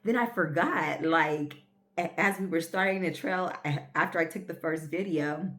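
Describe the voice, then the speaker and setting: Low-voiced woman telling a rambling story. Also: moderate pace, fairly bright tone. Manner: rambling, filler-heavy, earnest. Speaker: vlogger. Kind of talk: casual storytelling.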